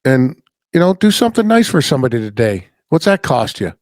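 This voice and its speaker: A man's voice: medium pitch, sing-song, brisk, no room sound. A middle-aged man hosting a podcast, telling a story in a blunt, rambling, folksy way and swearing freely. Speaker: podcast host. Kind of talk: casual storytelling chat.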